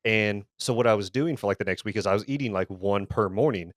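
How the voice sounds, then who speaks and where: A man with a lowish voice spins a casual story on a podcast, heated and full of swearing. He stumbles, restarts and repeats words as he gets going. The sound is close and dry, with no room around it. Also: fast talker, no room sound. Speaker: podcast co-host.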